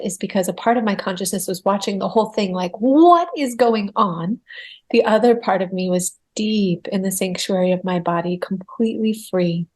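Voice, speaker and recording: A woman with a mid-range voice tells a personal spiritual story in a podcast interview. She sounds earnest and reflective. When she recalls her fear she rises into animated bursts. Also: medium pitch. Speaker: guest medium.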